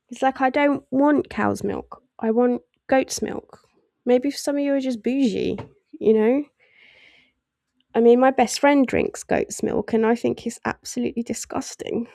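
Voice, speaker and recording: A woman talks through a tarot spread in a loose, chatty way, with a slightly high voice. She often laughs and slips into little voices to act out what she senses. The sound is dry and close, with no room behind it. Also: vocal fry, darkish tone, dry recording. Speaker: tarot reader. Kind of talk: casual tarot reading.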